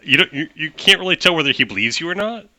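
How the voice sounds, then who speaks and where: A man narrating as game master of a tabletop game, talking in animated quick bursts with restarts. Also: a little high, no room sound.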